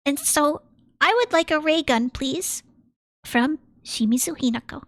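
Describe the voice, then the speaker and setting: A woman voicing a tiny little girl writing a letter to Santa, in a high, babyish and halting voice. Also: lively intonation, fairly bright tone, dry recording. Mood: sweet. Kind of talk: reading in-game letters in put-on voices.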